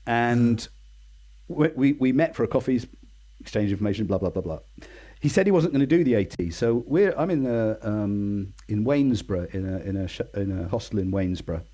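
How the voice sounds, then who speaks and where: Warm and animated, this fairly low-voiced man in his sixties speaks briskly with an English accent. As a guest in a casual interview, he tells stories in a self-mocking, talkative way, impersonating those he quotes.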